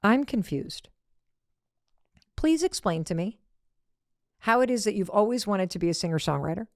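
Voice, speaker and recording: A woman's voice: medium pitch, lively intonation, fairly quick, dry recording, clean studio sound. A middle-aged woman giving a motivational talk, telling a family story and acting out the voices of the people in it. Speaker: motivational speaker.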